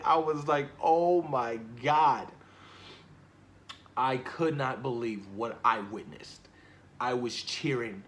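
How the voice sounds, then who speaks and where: A young man in a casual, gushing film review who keeps repeating himself and trails off softly at the ends of lines. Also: medium pitch. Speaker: movie vlogger.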